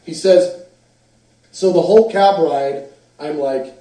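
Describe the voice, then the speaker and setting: A man with a fairly high voice preaches with animated storytelling. He is picked up from a distance in a very echoey hall. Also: unhurried, pauses often. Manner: animated storyteller, acts out quotes. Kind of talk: sermon storytelling.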